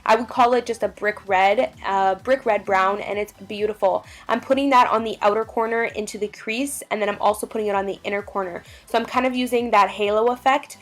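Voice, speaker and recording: A woman's voice: mid-range voice, steady tone, a little fast, few pauses, fairly bright tone. A young woman narrating a makeup tutorial, gushing about products in a bubbly, chatty way. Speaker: beauty vlogger.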